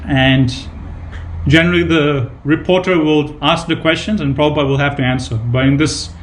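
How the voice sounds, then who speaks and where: A man's voice: a little high, normal speed, a little hiss or hum. A man giving a devotional scripture class, retelling anecdotes with emphatic repetition and casual fillers. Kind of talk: devotional sermon with retold anecdotes.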